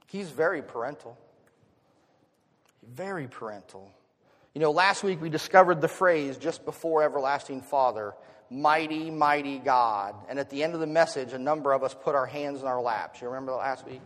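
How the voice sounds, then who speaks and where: A middle-aged man preaching a sermon as pastor, dropping to a hush and then rising loud in an expressive delivery. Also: mid-range voice, moderate pace. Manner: expressive, swinging from hushed to loud. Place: church sanctuary. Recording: long reverb of a hall.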